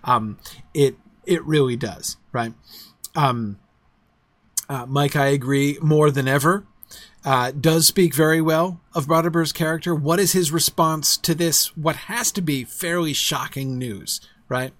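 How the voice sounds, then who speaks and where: A man's voice: on the high side, unhurried, fairly bright tone, no echo. A man hosting a casual livestream book discussion, rambling with restarts and speaking with enthusiasm.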